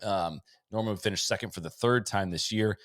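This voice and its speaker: Low-voiced man rattling off season stats. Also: fairly bright tone, no echo, clean studio sound. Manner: rattles off lists of stats, quick asides and chuckles. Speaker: podcast host. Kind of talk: casual chat recapping a sports season.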